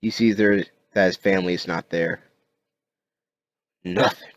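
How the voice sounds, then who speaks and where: A man narrating an improvised story in a halting way, with many restarts. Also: low voice, steady tone. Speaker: amateur narrator.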